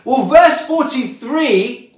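A pastor delivering a sermon with slow, deliberate preaching, letting key words fall softly for emphasis. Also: sits high, expressive. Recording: echoey room.

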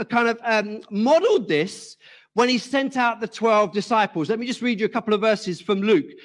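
A man's voice: high voice, a bit bright. A middle-aged man, a pastor, preaching a sermon and explaining scripture through rhetorical questions.

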